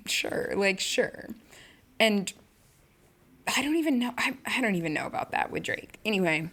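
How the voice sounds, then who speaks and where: A young woman talks on her own podcast in a loose, rambling way. She keeps cutting herself off mid-thought and mixes in slang, with a mid-range voice that often jumps up when she gets excited. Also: mid-range voice, a little slow. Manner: rambling, self-interrupting, slangy and animated. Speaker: podcast host. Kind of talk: casual solo podcast chat.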